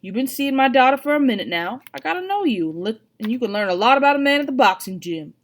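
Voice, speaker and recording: A woman's voice: fairly high pitch, sing-song, fast, voice pushed up. A woman voicing a stern, protective father who talks bluntly in slang, in a storybook reading. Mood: gruff.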